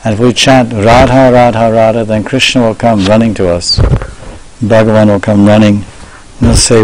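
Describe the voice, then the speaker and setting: A monk giving a devotional sermon, telling stories in a measured way and slowing down to stress key words. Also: male voice, fairly low pitch, little pitch movement, a little hiss or hum, low-quality recording. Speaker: monk lecturer.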